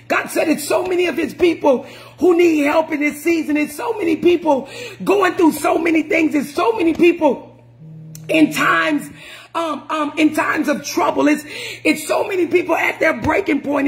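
A woman preaching a sermon in an emphatic, repetitive style, often raising her voice to a shout. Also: high-pitched.

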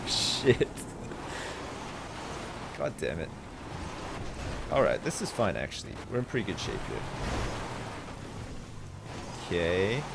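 Excitable swearing male game streamer. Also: mid-range voice, background noise. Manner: excitable, swears often, jokey. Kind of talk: live gameplay commentary.

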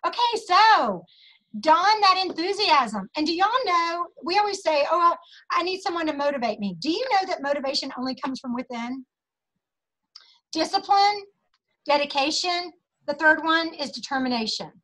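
Woman, high-pitched, enthusiastic, preachy, motivational sales meeting, video call. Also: a bit bright, poor audio. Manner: enthusiastic, preachy, calls out to listeners. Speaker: sales team leader. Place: home office.

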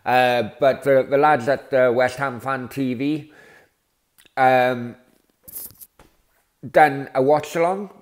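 A man hosting a fan video show, casually introducing clips in a relaxed, chatty way. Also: mid-range voice, slow, long pauses. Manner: relaxed, chatty link-ins with fillers. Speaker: show host.

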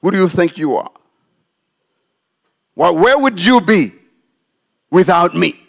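A man acting out a furious man ranting at his partner in a loud, accusing outburst. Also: high voice, moderate pace, voice pushed up. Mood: angry.

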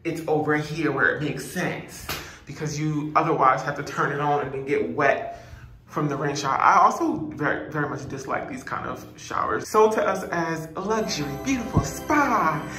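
A man's voice: fairly high pitch, normal speed, pushed and bright, faint music behind. A man giving a casual, gushing vlog tour of a hotel room, chatting to viewers and exclaiming over every detail. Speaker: travel vlogger.

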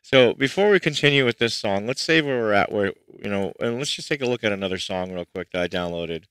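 A man's voice: on the low side, expressive, brisk, fairly bright tone, clear, resonant tone, no room sound. A man chatting to his livestream audience while mixing music at home, frustrated and rambling as he works through problems. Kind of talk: casual livestream chat. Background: faint music playback.

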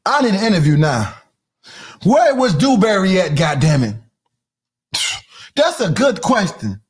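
A man hosting a comedy podcast, delivering an animated, profane rant that keeps breaking into mock voices and sing-song chanting. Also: high-pitched, a little slow, slightly rough. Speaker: podcast host.

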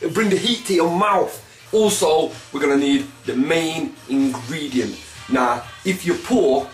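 A man hosting a comic cooking demonstration in swaggering street slang, with a pitch that keeps jumping around. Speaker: comic cooking show host. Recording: echoey room, mic at a distance, faint music.

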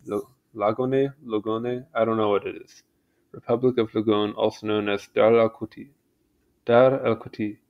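A man's voice: fairly low pitch, little pitch movement, normal speed, phone-quality sound. Casual man reading aloud. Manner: stumbles over names, chatty asides. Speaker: channel host reading aloud. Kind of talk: casual read-aloud with asides.

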